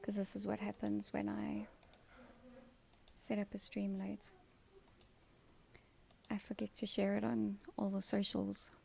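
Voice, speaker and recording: A South African woman hosts a relaxed live stream from her home and reads out viewers' names as she answers them. She talks at an unhurried pace in a very gravelly, fry-heavy voice. Her humour is dry and sarcastic. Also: medium pitch, slight background noise. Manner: chatty, dry sarcasm, answers chat by name. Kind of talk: casual live-stream chat. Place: at home, kids' TV in another room.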